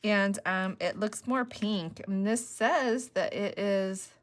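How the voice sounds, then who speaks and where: A woman's voice: medium pitch, slow pace. A woman hosting a casual craft tutorial, chatting and explaining each step as she works. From Northeast Ohio. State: emotional, voice dropping low. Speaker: crafting channel host.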